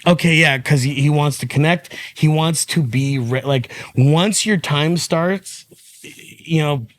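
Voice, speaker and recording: A man's voice: on the high side, slow. A man, a stand-up comedian guest, telling a long rambling story in casual podcast chat and swearing freely.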